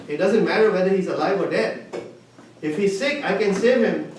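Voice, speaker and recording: A man teaches a Bible lesson, retelling a story and putting questions to the class as he goes. His voice is high-pitched, brisk, and darkish, heard in an echoey room far from the mic with faint hiss.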